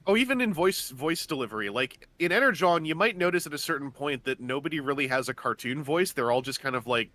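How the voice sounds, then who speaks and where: A man's voice: on the high side, animated, quick pace, hardly any pauses, sharp tone, no echo. A man chatting casually on a gaming stream, explaining at length with lots of fillers and restarts. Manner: rambling, enthusiastic explainer, many fillers and restarts.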